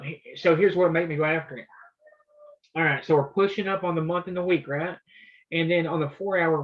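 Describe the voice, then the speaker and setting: A man's voice: a little high, narrow, tinny audio. A man coaching trading in a loose, conversational way, walking through his charts. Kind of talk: casual live coaching session.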